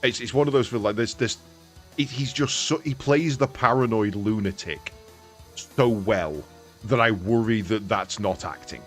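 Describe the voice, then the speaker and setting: A man's voice: fairly low pitch, unhurried, a bit bright, faint music behind. A man streaming a game, chatting casually, swearing and laughing often. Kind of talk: casual chat while gaming.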